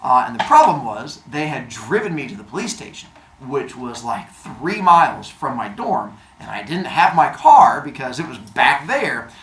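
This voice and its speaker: Lively man telling a story, roomy sound. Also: medium pitch, moderate pace, gravelly. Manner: animated, acts out the other people's lines. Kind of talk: casual storytelling. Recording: roomy echo, faint noise.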